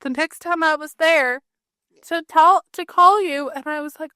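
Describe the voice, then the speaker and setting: A woman with a fairly high voice, telling a story on a podcast. She voices the people in her stories as she goes. The sound is close and dry. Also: a little fast, few pauses, no echo. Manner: animated, acts out dialogue in quotes. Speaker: podcast co-host. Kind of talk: casual storytelling.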